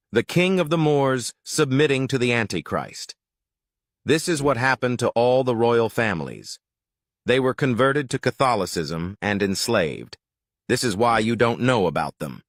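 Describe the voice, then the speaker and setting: Low-voiced man reading out sources. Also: fairly bright tone, dry recording, studio quality. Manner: declarative, citing quotes. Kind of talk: lecture-like narration.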